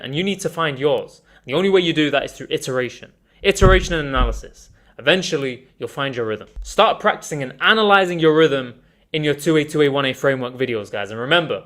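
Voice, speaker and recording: A man teaching an online communication course in an energetic, emphatic way, calling his viewers guys. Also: mid-range voice, quick pace. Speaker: communication coach.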